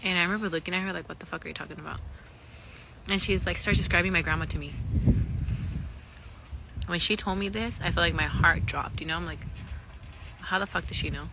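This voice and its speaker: A woman's voice: on the low side, noisy background. A young woman telling a story in a candid, chatty way, swearing freely and filling her speech with "like" and "you know.". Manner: candid and profane, with many fillers. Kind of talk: casual storytime vlog.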